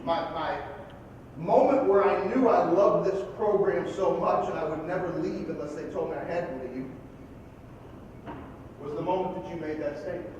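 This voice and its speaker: A high-pitched man, a football coach, tells stories in a motivational speech and now and then bursts into loud yelling. His voice comes from far off in a big hall with a long, booming echo. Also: normal speed, highs cut off, a little hiss or hum.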